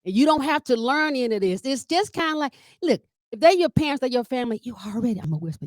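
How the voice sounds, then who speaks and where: Animated woman comedian, dry close sound. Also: quick pace, hardly any pauses, no echo. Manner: lively storyteller who addresses the audience directly; acts out quoted dialogue with big pitch jumps. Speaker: comedian and family caregiver leading a workshop. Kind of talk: comedic workshop talk.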